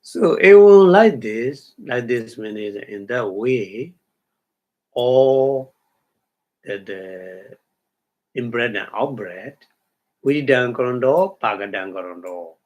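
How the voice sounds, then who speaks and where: Delivering a dharma talk, this male meditation teacher speaks with halting phrasing, lively intonation, medium pitch, and a darkish tone on a muffled recording. He chants Pali words before explaining them and uses brief hums and questions to check on his audience.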